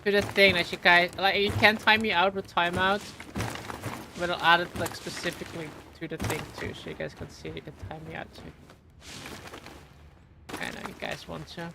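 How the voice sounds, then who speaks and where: Rambling low-voiced woman streamer. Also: little pitch movement. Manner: rambling, halting, many "like" fillers. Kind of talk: casual live-stream gaming chat. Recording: clear background noise with clicks.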